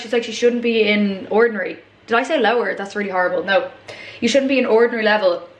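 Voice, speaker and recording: A woman's voice: medium pitch, a bit bright. Irish girl in her 20s chatting away while she cooks, lots of tangents, echoey kitchen sound. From Ireland. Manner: rambling, chatty, many fillers and asides. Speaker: vlogger. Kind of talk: casual chat while cooking. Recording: echoey room.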